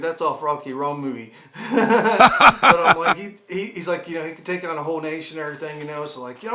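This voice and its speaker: A man's voice: fairly high pitch, quick pace, pushed and bright. Rambling, chuckling man telling pet stories. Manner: rambling, chuckling, exaggerated asides. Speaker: comedy vlogger. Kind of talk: rambling comic storytelling. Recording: echoey room with background noise.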